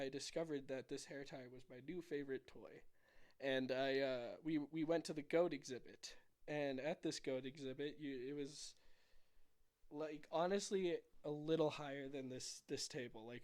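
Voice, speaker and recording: Excitable young man rambling through stories. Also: on the high side. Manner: rambling storyteller, excitable, opinionated. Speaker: podcast host. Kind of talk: casual chat.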